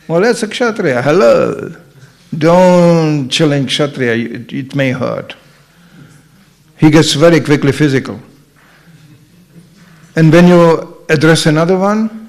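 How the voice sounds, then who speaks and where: A man's voice: on the high side, unhurried. A middle-aged man giving a humorous scripture class at a temple, telling stories and acting out characters. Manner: animated storyteller, acts out characters. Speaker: visiting speaker at a temple.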